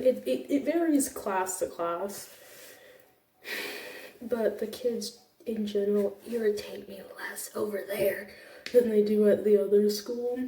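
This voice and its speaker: A young woman who teaches computer classes chats casually for a vlog, gushing and often restarting her sentences. Her voice is mid-range and mellow. The room is echoey, and she sounds distant from the mic.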